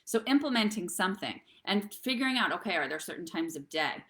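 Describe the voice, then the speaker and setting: A woman's voice: medium pitch, animated, a little fast, fairly bright tone. A woman hosting a live online talk show, giving earnest, encouraging advice and speaking straight to her viewers. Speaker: host and therapist.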